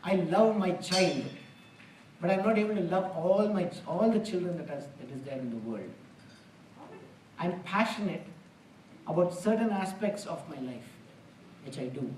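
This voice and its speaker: His voice sits high with a darkish tone and lively intonation, moving at normal speed with frequent pauses over slight background noise. As a spiritual lecturer in a temple hall, he speaks earnestly and plainly, leaning on homely examples. The hall's roominess comes through the distant mic.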